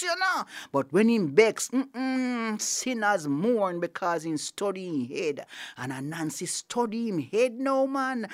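A woman with a Jamaican accent telling a folk tale in a lively, sing-song way with playful asides. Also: fairly low pitch, dry recording, clean studio sound. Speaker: storyteller. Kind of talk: animated folk storytelling.

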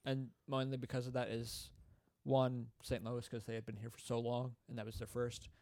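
A man's voice: mid-range voice, flat delivery, moderate pace, darkish tone. A man co-hosting a casual sports chat, laid-back and prone to trailing off. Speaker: podcast co-host.

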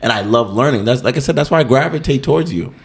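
A man's voice: medium pitch, fast talker, vocal fry. A man guesting on a podcast in casual chat, telling stories and acting out quotes. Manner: animated storyteller, acts out quotes.

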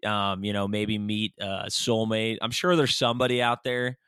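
A young man riffs and rambles through jokes in a casual podcast chat, full of fillers and half-finished thoughts. His voice is bright and crisp, recorded dry and close with no room sound. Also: lowish voice, level tone, normal speed, no room sound. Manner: rambling, jokey, lots of fillers. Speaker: podcast co-host.

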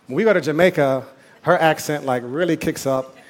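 A man preaching a sermon as pastor, talking in a conversational way with asides and quick quoted voices. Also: on the high side.

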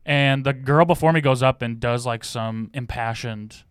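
A man's voice: medium pitch, normal speed, clean tone, dry recording, studio quality. A young man co-hosting a podcast, telling long stories in a laid-back casual way with some swearing. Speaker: podcast co-host. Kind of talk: casual chat.

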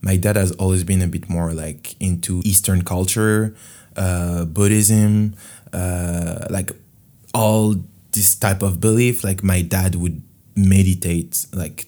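A man's voice: low voice, dark tone. A man from France with a French accent, hosting a casual podcast monologue in a rambling, candid way. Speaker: podcast host.

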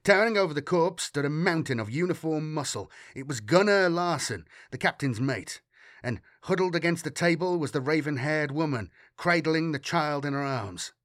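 A man reading a sci-fi audiobook in a steady, dramatic storytelling manner. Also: on the high side, normal speed, no echo, studio quality. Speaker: audiobook narrator. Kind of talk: scripted narration.

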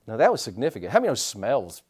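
A man preaching a sermon as pastor, telling stories in an animated way, laughing at his own slips and drawing answers from the congregation with questions. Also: mid-range voice, racing, breathy edge. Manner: animated storytelling with laughs and repetitions; draws congregation responses with questions.

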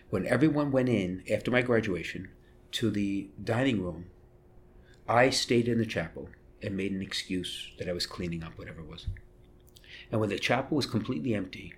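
A man who is a Catholic priest, telling a personal story in an interview in an animated way and acting out what people said. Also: on the low side, a little hiss or hum. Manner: animated storyteller who acts out quotes and laughs.

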